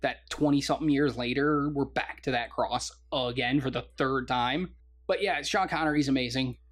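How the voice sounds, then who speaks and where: Excitable man retelling movie scenes. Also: medium pitch, normal speed. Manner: enthusiastic, laughs often, acts out movie lines. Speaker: podcast co-host. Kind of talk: casual movie review chat.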